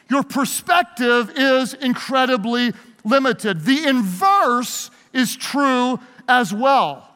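A man's voice: very high voice, lively intonation, slow, hardly any pauses, bright, forceful tone, smooth. A man, a pastor, giving a leadership talk to a live audience, playful and emphatic, leading them in call-and-response. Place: large hall with an audience. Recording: long hall reverb.

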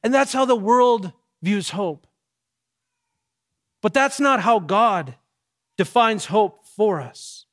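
A man, a pastor with young kids, preaching a sermon with emphatic, measured delivery and dramatic pauses. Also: high voice, expressive, a bit bright.

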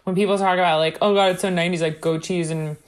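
A woman's voice: lowish voice, steady tone, fast. Blunt Long Island woman chatting. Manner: blunt, swears casually, laughs often. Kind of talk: casual chat.

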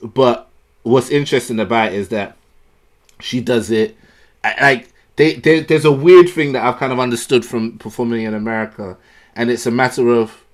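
British guy riffing with his mate, bouncy and jokey, laughs a lot. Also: mid-range voice. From Britain. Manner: animated, laughing banter with impressions. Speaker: comedian podcast co-host. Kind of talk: casual chat.

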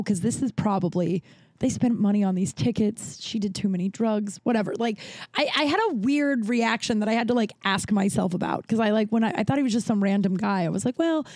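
A woman's voice: mid-range voice, a little mellow, dry recording. A young adult woman telling a rambling, chatty story as a podcast host, full of fillers and restarts. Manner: chatty, rambling, frequent fillers and self-corrections. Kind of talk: casual storytelling monologue.

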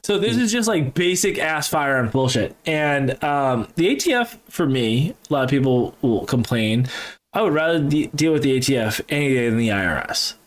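A man from New Hampshire in loose, unscripted conversation. He swears constantly and rambles from story to story, his voice at an ordinary mid pitch. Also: normal speed. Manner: profane, rambling, animated storytelling. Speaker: podcast guest, gun business owner. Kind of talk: casual chat.

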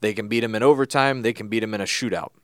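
This is a man co-hosting a sports podcast, explaining things clearly and matter-of-factly, with dry humor. His voice is fairly low. The recording is close and dry. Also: rapid-fire, fairly bright tone, no echo. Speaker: podcast co-host. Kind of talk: casual sports podcast chat.

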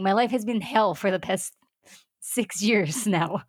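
A woman's voice: medium pitch, unhurried, slightly rough, no room sound, clean studio sound. A young woman co-hosting a casual TV recap chat, reacting bluntly and emphatically. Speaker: podcast co-host.

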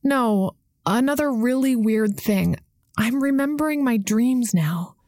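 A woman's voice: on the high side, expressive, measured pace, darkish tone, dry recording, clean studio sound, pitched above the performer's own voice. A woman voicing a young woman who is anxious and confused, asking worried questions in a raised voice.

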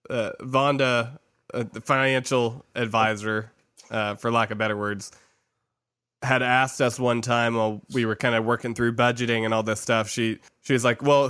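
A man in casual chat, telling a story in an animated way with laughter. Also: medium pitch, clean tone, dry recording, studio quality.

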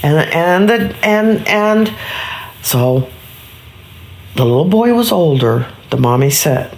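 A woman telling a children's story in a casual, animated way, with many restarts and playful sound effects. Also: low voice, slow, slight background noise. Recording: roomy echo.

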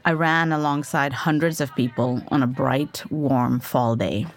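A woman's voice: a bass voice, measured pace. A woman in her forties narrating her family's story as a podcast host, candid and reflective.

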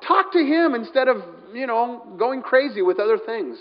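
Animated high-voiced male preacher. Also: normal speed, hardly any pauses. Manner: animated, swings from loud to hushed. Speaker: pastor. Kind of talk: sermon. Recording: dull sound, long hall reverb.

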